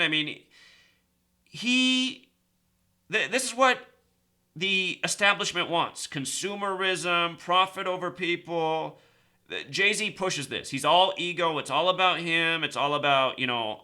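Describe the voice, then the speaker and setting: A man hosting his own video, talking casually and rambling, repeating numbers and speeding up, then slowing down to stress a point. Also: fairly high pitch, bright, forceful tone. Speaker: video host. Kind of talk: casual monologue to camera.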